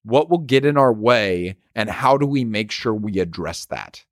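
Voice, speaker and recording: A man's voice: on the low side, expressive, a little slow, dry recording. Emphatic male leadership speaker, dry sound. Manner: emphatic, with many rhetorical questions. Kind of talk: motivational leadership talk.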